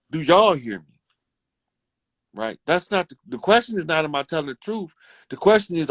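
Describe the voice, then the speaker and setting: A man holds forth in a loose, preachy monologue, addressing his community directly and swearing freely. His voice sits somewhat high for a man. The sound is close and dry, with no room echo. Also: fairly bright tone. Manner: profane, fervent, preaching to listeners.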